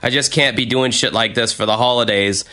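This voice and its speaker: A man's voice: medium pitch, brisk, bright, forceful tone. A young American man reading his old journal aloud with a friend, self-mocking and swearing freely. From United States. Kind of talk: casual chat reading aloud.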